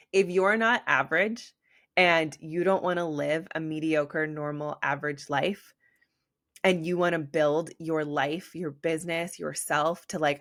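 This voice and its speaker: A woman's voice: low voice, dry recording, studio quality. A woman hosting a solo podcast, talking in a rambling, conversational way, filling gaps with "like" and giving encouragement. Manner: rambling, conversational, heavy use of "like"; encouraging, motivational. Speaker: podcast host, business coach. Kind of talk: casual solo podcast monologue.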